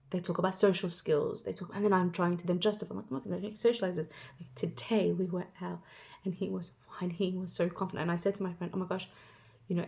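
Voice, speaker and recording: A vlogger in her thirties chats casually with her viewers in a lowish, slightly mellow voice. She rambles along and acts out what other people said.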